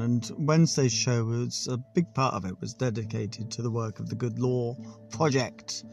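A man's voice: medium pitch, a little mellow. A man hosting a casual solo podcast, rambling and swearing and laughing at his own jokes. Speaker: podcast host.

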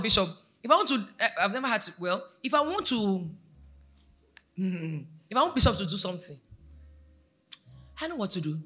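A Nigerian woman pastor delivers a sermon in a bright, forceful voice that rises and falls dramatically. She exhorts the congregation and keeps throwing questions at them, her pitch sitting a little high. Soft music plays faintly behind her. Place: church.

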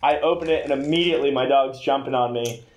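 A man's voice: medium pitch, fast. A man co-hosting a casual podcast, telling stories with a giggly, self-mocking manner. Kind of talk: casual storytelling chat.

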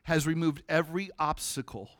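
Animated preaching man, dry close sound. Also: fairly high pitch, moderate pace, dry recording. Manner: animated, conversational preaching with sudden drops to a hush. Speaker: pastor. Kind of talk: sermon.

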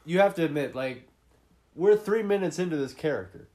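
A man's voice: fairly high pitch, lively intonation, fairly quick, warm tone. A man co-hosting a podcast, trading sarcastic, profane banter about a movie. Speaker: podcast co-host. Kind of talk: casual movie-review chat.

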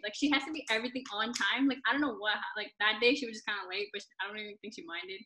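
A woman's voice: on the high side, fast, few pauses, pushed and bright. A teenage girl rambling through a story in casual chat with friends, full of fillers. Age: teens. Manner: rambling, filler-heavy retelling.

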